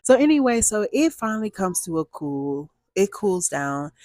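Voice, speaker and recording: Animated woman telling a storytime. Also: medium pitch, moderate pace, no echo, studio quality. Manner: animated, oversharing, playful sound effects. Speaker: storyteller host. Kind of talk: casual storytime vlog.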